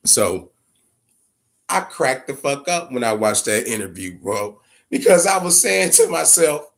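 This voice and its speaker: A man hosting a boxing commentary vlog, ranting casually in a profane, blunt, animated way. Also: mid-range voice, unhurried, creaky. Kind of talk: casual opinion rant.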